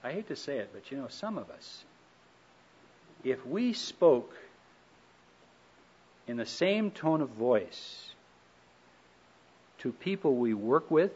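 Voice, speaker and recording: A middle-aged man giving a relaxed, folksy talk on marriage, telling stories with gentle humor. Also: mid-range voice, slow pace, long pauses, slightly rough. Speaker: speaker on marriage. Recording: dull lo-fi recording.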